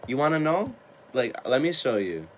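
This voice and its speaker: With a mid-range voice at a normal pace, a man in his twenties speaks casually to camera for his tarot and spiritual channel, often laughing, sometimes swearing and getting worked up with excitement. Slight background noise can be heard.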